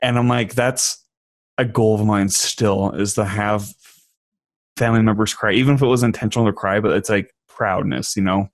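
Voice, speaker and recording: A man's voice: fairly low pitch, fairly even intonation, moderate pace, dry recording. A man hosting a podcast, talking in a laid-back, conversational way with filler words. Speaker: podcast host. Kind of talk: casual podcast interview.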